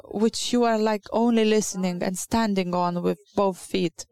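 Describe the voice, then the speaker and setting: Female preacher, English. Unhurried delivery, some fry, earnest and halting sermon. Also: medium pitch, steady tone, a little mellow, no room sound. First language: Lithuanian.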